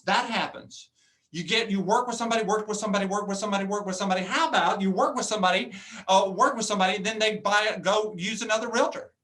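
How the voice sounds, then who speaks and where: A man giving a motivational keynote talk as a professional speaker, animated and jokey, acting out customers in funny voices. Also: high-pitched.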